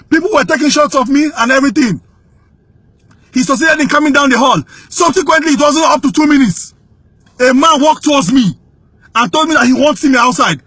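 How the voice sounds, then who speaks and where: With no echo and no sense of a room, the close, dry recording captures a Nigerian man testifying as a whistleblower. His voice is very high, bright and piercing, and he tells his account urgently and indignantly, shouting when he presses a point.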